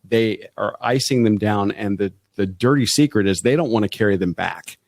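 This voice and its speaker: Chatty man, low voice, dry sound. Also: normal speed, creaky, a little mellow, dry recording. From Florida, USA. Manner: chatty storyteller, frequent restarts. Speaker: podcast co-host. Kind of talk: casual chat.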